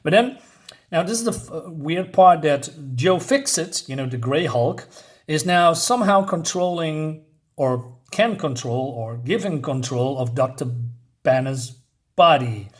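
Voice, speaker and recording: A man's voice: a little high, animated, measured pace. A man casually reviewing a comic book issue, rambling and hesitant with lots of fillers.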